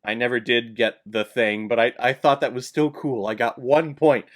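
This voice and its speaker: A man's voice: mid-range voice, fairly even intonation, normal speed. A man giving a casual vlog movie review in a sarcastic, blunt and exasperated way.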